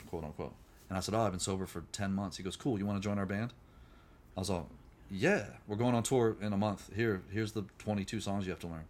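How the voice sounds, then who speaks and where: A middle-aged man, a musician guest on a podcast, telling his recovery story candidly and acting out the voices of people he met. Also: lowish voice. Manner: rapid, animated, acts out quoted voices.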